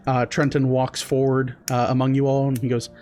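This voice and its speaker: A man's voice: medium pitch, completely flat delivery, a little fast, a little mellow. Man narrating a tabletop game. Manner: hesitant, many fillers. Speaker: game master.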